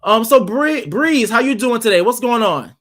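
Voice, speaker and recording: A man's voice: very high-pitched, expressive, moderate pace, fairly bright tone. A man hosting an online panel discussion, talking emphatically and stacking his points in repeated phrases. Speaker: panel host.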